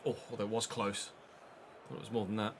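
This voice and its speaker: A man streaming a football video game, giving an excitable, sweary running commentary on the play. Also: on the low side, fast talker, a little hiss or hum. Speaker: gaming streamer. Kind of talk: live gameplay commentary.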